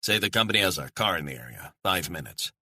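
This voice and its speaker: A man's voice: sits low, expressive, quick pace, bright, forceful tone, dry recording, exaggerated voice. Man voicing a blunt male handler. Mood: tense, blunt. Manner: blunt, clipped orders. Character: terse male covert handler on phone.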